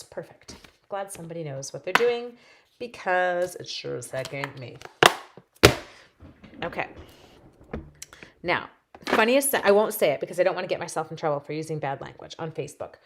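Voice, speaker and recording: A woman with a slightly low voice hosts a live craft session from her home craft table. She chats freely and giggles, answering viewer comments while she stamps and cuts. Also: animated, moderate pace, pauses often, very noisy. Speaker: stamping demonstrator hosting a craft livestream. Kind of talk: casual live-stream chat while crafting.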